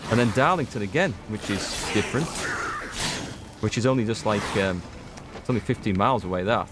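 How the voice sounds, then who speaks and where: This North Yorkshire man, speaking with the region's English accent, has a fairly low voice and talks a little fast. Playing a game as a let's play gamer, he chats and rambles to his viewers in casual commentary over very noisy audio.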